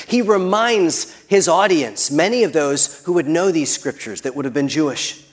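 Slow, lively-voiced male preacher. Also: fairly high pitch. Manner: builds to emphatic peaks, then drops very soft. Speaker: pastor. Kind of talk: sermon.

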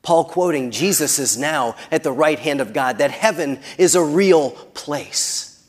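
A man preaching a sermon who builds to emphatic peaks and then drops very soft. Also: fairly high pitch, animated, unhurried. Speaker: pastor.

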